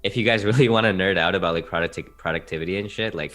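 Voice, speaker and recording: A man's voice: low voice, very fast, a bit bright. A young man appearing as a guest on a casual podcast, talking in a loose, rambling, slangy way. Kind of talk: casual chat.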